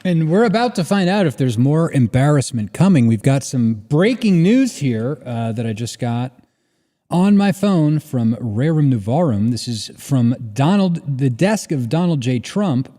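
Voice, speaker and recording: A man's voice: mid-range voice, sing-song, a little slow, warm tone. A man co-hosting a casual political discussion, blunt and offhand, swearing freely. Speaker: podcast co-host.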